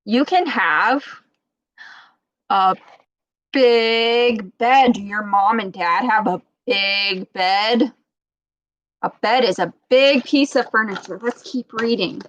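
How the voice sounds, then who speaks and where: A woman's voice: fairly high pitch, slow, long pauses, a bit bright, dry recording, dull audio. A woman, a speech therapist, reads a picture book to young children and keeps asking them questions. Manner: patient, questioning, teacher-like. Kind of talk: interactive read-aloud lesson.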